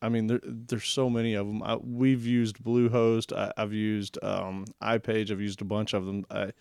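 A man's voice: on the low side, little pitch movement, moderate pace, gravelly, a little mellow, smooth, dry recording. Laid back guy rambling about web hosts, dry close sound. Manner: rambling, easygoing, laughs. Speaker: podcast co-host. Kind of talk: casual tech chat.

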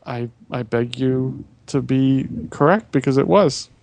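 Podcast co-host: mid-pitched man, earnest and halting, dry close sound. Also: a little mellow, no echo. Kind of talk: casual chat.

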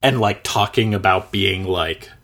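A man's voice: deep voice, measured pace, creaky, fairly bright tone. A man in his thirties chatting casually, rambling and searching for words with lots of filler. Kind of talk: casual chat.

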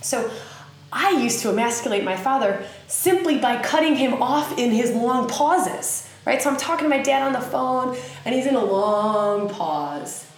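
A woman with a Southern US accent hosting a podcast, teaching in a casual, animated way with many fillers. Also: on the high side, a little slow. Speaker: podcast host. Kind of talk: casual spoken teaching monologue. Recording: very echoey room with faint ambience.

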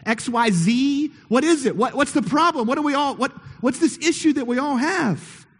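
A man's voice: very high-pitched, expressive, moderate pace, a bit bright. A man preaching a sermon to his congregation in a church, playful and conversational, often asking them questions. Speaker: pastor. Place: church sanctuary. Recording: long hall reverb.

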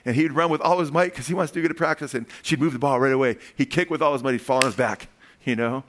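A man preaching a sermon as pastor, animated, calling "amen?" to the congregation and acting out voices as he tells stories. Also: mid-range voice, fast talker, a little hiss or hum. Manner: acts out quoted voices in storytelling.

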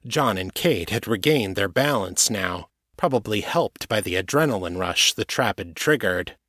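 A man narrating an audiobook chapter in a steady, even storytelling manner. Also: fairly low pitch, normal speed, dry recording, clean studio sound.

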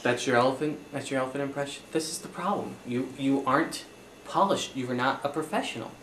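A man's voice: medium pitch, quick pace, a bit bright. A young man talks in a flustered, apologetic way, pleading and backtracking. His voice sits mid-range. The room is echoey with a faint hiss behind. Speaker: comedy performer as accountant. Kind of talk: one-sided improvised comedy scene.

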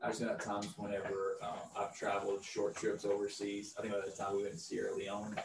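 A low-voiced man from the United States talks in a relaxed, chatty way, his tone fairly flat. He sounds distant in a roomy space, with noise underneath. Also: a little fast, vocal fry. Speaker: Bible study participant. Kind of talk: casual group discussion.

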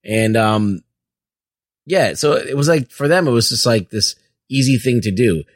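Guy rambling on a podcast, lots of ums and likes, lively pitch, dry mic. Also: no room sound. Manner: rambling, halting with fillers. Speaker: podcast co-host. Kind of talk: casual chat.

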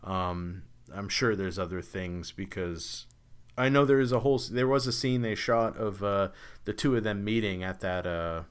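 Rambling man discussing films, lowish voice. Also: normal speed, smooth. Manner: rambling, many restarts and fillers. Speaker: podcast co-host. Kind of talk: casual film discussion.

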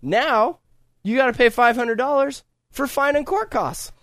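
A man's voice: extremely high pitch, a little slow, dry recording, clean studio sound. A man hosting a podcast, talking in crude, casual banter and often dropping into mock voices. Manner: animated, profane, slips into mock voices. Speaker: podcast host.

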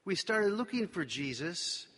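A man's voice: sits high, very animated, measured pace, a bit bright, husky. A male pastor giving a sermon in a conversational, wry way, with playful asides. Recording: long reverb of a large hall.

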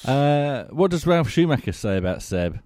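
A man's voice: mid-range voice, very animated, moderate pace, darkish tone, dry recording, studio quality. A man hosting a casual motorsport chat, dryly steering through the news items. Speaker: host.

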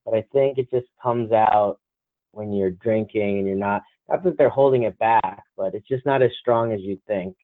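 Co-hosting a laid-back podcast chat, this young man from New Jersey, with the accent to match, rambles through stories and acts out quoted exchanges. His voice is on the low side at a moderate pace, and the line sounds dry, tinny, and phone-like, with no room sound.

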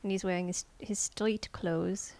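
A woman co-hosting a podcast, asking curious, playful follow-up questions with a creaky voice. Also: mid-range voice, steady tone, measured pace, darkish tone, dry recording. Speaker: podcast co-host. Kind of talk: casual podcast chat.

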